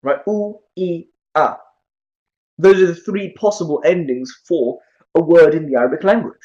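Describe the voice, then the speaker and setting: Guy teaching a class, kinda high voice, lively, keeps asking questions. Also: moderate pace, muffled recording. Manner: lively, asks many questions. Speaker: Arabic teacher. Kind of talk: classroom lecture.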